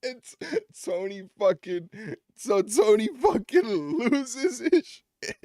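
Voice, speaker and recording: A man's voice: extremely high pitch, very animated, takes it slowly, darkish tone, no echo, clean studio sound. A man streaming, talking in a loose, profane, casual chat and laughing a lot.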